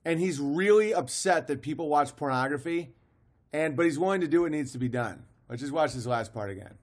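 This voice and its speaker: A man hosting a stream, commenting on a comedy clip in an excited, rambling, amused way. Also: fairly high pitch, fairly quick. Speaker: stream host.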